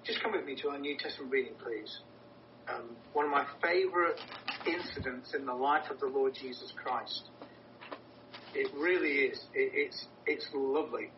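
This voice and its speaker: A man preaching a sermon in an earnest, emphatic way, often repeating words for stress. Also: normal speed. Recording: roomy, distant, dull with low rumble.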